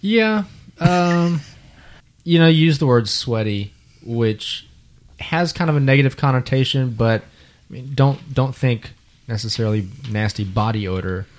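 A man's voice: mid-range voice, expressive, unhurried. A man hosting a casual beer-tasting chat, explaining each beer at length. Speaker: beer podcast host.

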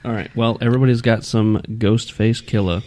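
A man hosting a casual beer tasting, reading the label slowly and stumbling over small print. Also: on the low side, fairly even intonation, warm tone.

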